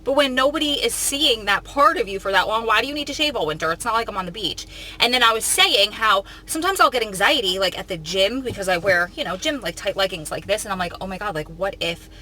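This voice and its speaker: A woman talking casually to her vlog viewers in a chatty, rambling way, full of fillers and quick to joke and laugh. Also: mid-range voice, lively intonation, sharp tone, a little hiss or hum, poor audio. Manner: laughs easily, jokey. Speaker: vlogger.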